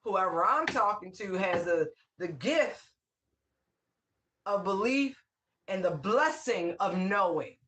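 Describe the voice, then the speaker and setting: A tarot reader talking casually to viewers, excitable and laughing often, stretching out exclamations. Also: medium pitch, slow, pauses often.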